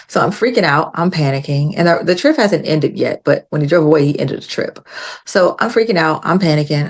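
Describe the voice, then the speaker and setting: Low-voiced woman telling a story. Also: brisk. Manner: animated retelling with acted-out quotes. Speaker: podcast guest. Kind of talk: casual podcast storytelling.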